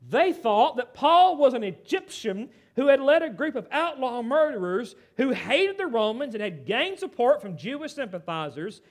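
A middle-aged American man preaching a sermon in an animated, conversational way, with asides to the congregation. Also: very high-pitched, moderate pace, hardly any pauses. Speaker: pastor.

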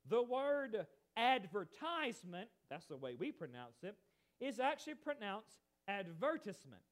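A man preaching a sermon in a high voice that swings up and down with emphasis. He talks animatedly, stressing points and turning to chat with his congregation. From United States. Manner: chatty asides to the congregation.

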